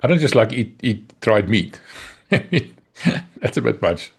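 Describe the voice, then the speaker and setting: A man from South Africa with a South African accent, co-hosting a podcast in casual chat, joking and dropping into quiet low asides. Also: sing-song, slow, vocal fry, breathy edge. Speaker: podcast co-host.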